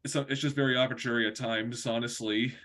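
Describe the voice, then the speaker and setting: A man joining a casual online hangout, chatting quickly about films he likes. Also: medium pitch, fairly even intonation, fairly bright tone. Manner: quick, chatty film opinions. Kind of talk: casual chat.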